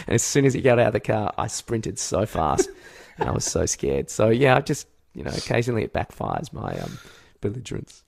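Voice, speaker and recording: Young Aussie male podcast co-host, low gravelly voice, animated storyteller who shouts out his own impressions. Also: fairly quick. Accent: Australian. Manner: rambling animated storyteller with loud yelled impressions. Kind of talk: casual comedic chat.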